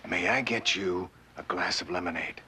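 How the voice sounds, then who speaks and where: An overly courteous middle-aged father in a TV drama, with a lowish but bright, forceful voice. He sounds gentle and polite, with a brittle edge. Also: normal speed, a little hiss or hum.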